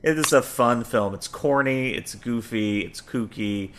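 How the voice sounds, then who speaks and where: Host: adult man, bright, keen, laughs through his anecdotes. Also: medium pitch, a little slow, slight background noise. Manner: enthusiastic, laughing storyteller. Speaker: podcast host. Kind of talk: casual chat.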